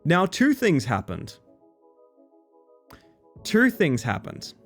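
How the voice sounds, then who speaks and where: Young guy streaming a game, jokey stories, super lively voice. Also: on the high side, takes it slowly, husky, faint music behind. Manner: joking storyteller. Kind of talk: casual gaming commentary.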